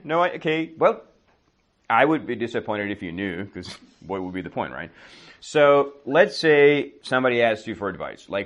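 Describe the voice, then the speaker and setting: A man teaching idioms in an English class, joking and quizzing his students, slowing down and going quiet on the example phrases. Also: on the low side.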